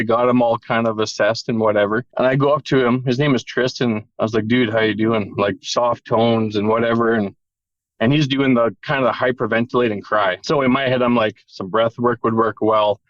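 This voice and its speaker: A man's voice: medium pitch, fairly even intonation, normal speed, no echo, lo-fi sound. A man telling an emotional personal story in a candid, casual way, with the odd swear word. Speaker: podcast guest.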